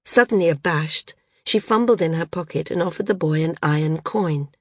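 A woman reads a novel aloud in a measured way. Her voice sits a little low. The recording is close and dry. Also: slightly rough, no room sound. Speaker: audiobook narrator. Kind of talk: scripted audiobook narration.

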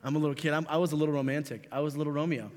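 Young male youth pastor, a bit high-pitched, jokey storyteller, reverberant hall. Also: rapid-fire. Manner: animated, jokey storyteller who addresses the audience directly. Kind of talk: youth sermon with comic storytelling.

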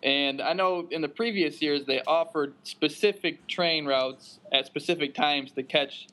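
A man's voice: fairly high pitch, a little slow, bright, forceful tone. A man co-hosting a podcast, talking in an easygoing way and laughing often. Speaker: podcast co-host. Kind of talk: casual podcast chat.

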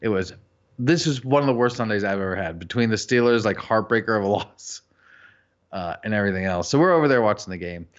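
A man co-hosting a casual chat podcast, swearing and ranting with loud bursts. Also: lowish voice, animated, fast. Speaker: podcast co-host. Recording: dull lo-fi recording.

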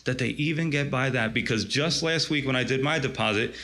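A man's voice: mid-range voice, brisk, bright, forceful tone. A male pastor delivering a sermon in a conversational storytelling way, often saying "you see.".

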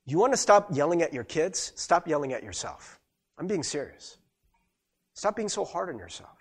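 A man's voice: on the high side, moderate pace, breathy edge. A man preaching a casual, conversational sermon as pastor, talking to his listeners with rhetorical questions and acted-out quotes. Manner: conversational, animated, acts out quoted voices.

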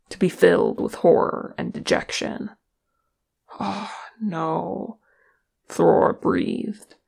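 Woman narrator, audiobook, slow, animated pitch, gravelly fry. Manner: expressive, measured reading. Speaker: audiobook reader. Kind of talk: narrating fan fiction.

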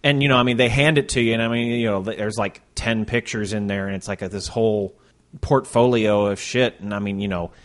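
A man's voice: on the low side, steady tone, brisk. Swearing man telling a story. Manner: profane, wry storyteller. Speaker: podcast co-host. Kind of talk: casual chat.

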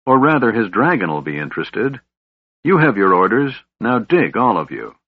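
A man's voice: fairly low pitch, very animated, moderate pace, slightly rough, narrow, tinny audio, heavily acted. A man voicing a harsh, bullying reptilian soldier who snarls his orders. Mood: snarling.

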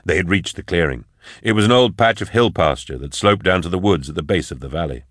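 Deep-voiced male audiobook narrator. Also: lively intonation, fast talker, fairly bright tone, no room sound, studio quality. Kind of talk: scripted narration.

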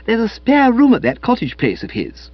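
A man voicing a spirited, bossy young woman with a sharp, teasing manner. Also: very high-pitched, wildly swooping pitch, moderate pace, dry recording, dull audio, voice pushed up, heavily acted. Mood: scheming.

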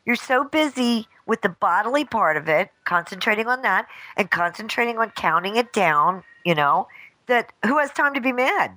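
A woman's voice: a little high, lively intonation, moderate pace, pushed and bright, no room sound, rough recording. A woman co-hosting a podcast, chatting casually and offering supportive advice. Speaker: podcast co-host. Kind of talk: casual chat. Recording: faint background noise.

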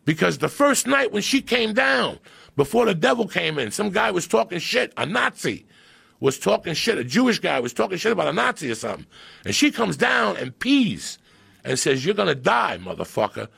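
Gravelly man telling profane stories. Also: high-pitched, moderate pace, no room sound. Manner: animated, swearing, acts out movie quotes. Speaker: podcast guest. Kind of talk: profane storytelling.

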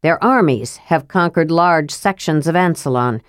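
A woman voicing a calm, serious male half-elf leader from a storybook, speaking in a measured, earnest way. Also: sits low, dry recording, studio quality.

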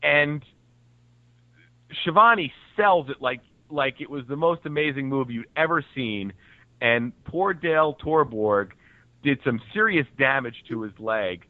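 A man's voice: medium pitch, a little slow, no room sound. Man on a tinny phone line. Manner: relaxed, chuckling, short agreeing replies. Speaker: podcast co-host on a call. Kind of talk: casual chat.

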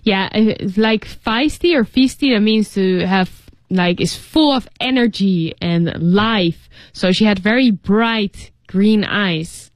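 A woman's voice: medium pitch, slow, no echo, studio quality. Casual woman, many likes and fillers. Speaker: co-host reading a story. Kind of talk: casual explanation in English.

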